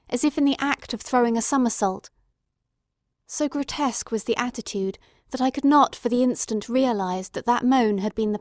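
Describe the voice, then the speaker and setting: Woman reading an audiobook, kinda high voice, dry close mic. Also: no echo. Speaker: audiobook narrator. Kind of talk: scripted narration.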